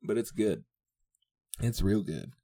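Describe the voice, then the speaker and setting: Warm and sing-song, a young man's lowish voice moves slowly as he hosts a podcast alone. He chats casually, wanders off topic, swears, and laughs often.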